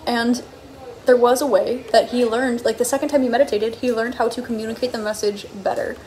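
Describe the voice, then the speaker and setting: A woman's voice: a little high, steady tone, brisk, darkish tone, slight background noise. A woman giving a casual, chatty tarot card reading, bubbly and full of "like" and "okay?".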